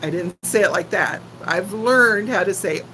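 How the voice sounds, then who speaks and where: A woman's voice: mid-range voice, moderate pace, sharp tone, a little hiss or hum, rough recording. An older woman from Texas with a faint Texan accent, chatting casually and giggling with viewers on a livestream. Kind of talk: casual live chat.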